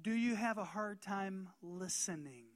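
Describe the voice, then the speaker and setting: A man from North Carolina preaching a sermon as pastor, emphatic and slowing down to stress key words, often asking his congregation questions. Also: high voice.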